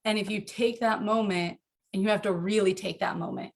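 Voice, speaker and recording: An earnest woman talks about parenting in a relaxed interview from her home. Her voice is mid-pitched and animated. She laughs easily and gets lively when she acts out little scenes. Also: a little fast, vocal fry, husky. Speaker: podcast guest, author. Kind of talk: casual interview talk.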